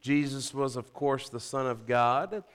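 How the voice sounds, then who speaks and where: Male preacher, sermon delivery, slow and deliberate, crisp resonant tone, conversational and animated. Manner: animated, rising loud and high when quoting scripture; conversational asides, rhetorical questions.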